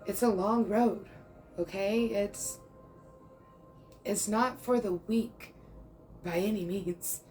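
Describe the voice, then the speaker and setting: A woman's voice: mid-range voice, slow pace, long pauses, a little mellow, faint music behind, low-quality recording. A woman in her thirties giving a casual tarot reading, chatty and reassuring, checking in often and now and then calling the listener "bro". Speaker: tarot reader.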